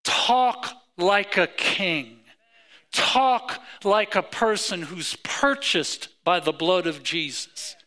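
Male pastor, middle-aged, high, bright voice, slow deliberate delivery, emphatic sermon style. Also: expressive. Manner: emphatic preaching with rising pitch and repeated phrases.

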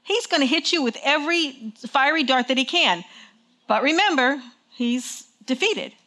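Lively woman preacher asking "okay?". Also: sits high, normal speed. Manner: conversational, engaging the congregation with frequent "okay?". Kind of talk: sermon. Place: church with congregation.

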